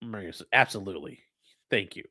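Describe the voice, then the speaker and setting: A man's voice: deep voice, expressive, a little fast, pushed and bright, husky, dry recording, clean studio sound. A man hosting a casual livestream, talking bluntly with profane, mocking asides. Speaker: livestream host and lawyer.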